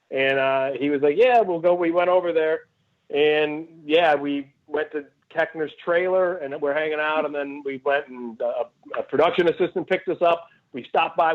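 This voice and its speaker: Man telling stories over a tinny line. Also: a little high. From Cleveland, Ohio, USA. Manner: rambling anecdotes with frequent laughs and restarts. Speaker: comedian guest. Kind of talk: casual storytelling interview.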